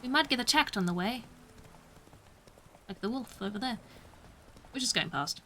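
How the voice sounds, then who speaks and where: Woman, British accent, young adult, casual gameplay commentary, self-mocking, high voice. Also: expressive, moderate pace, a bit bright, slight background noise. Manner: chatty, self-mocking, laughs often. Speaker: streamer.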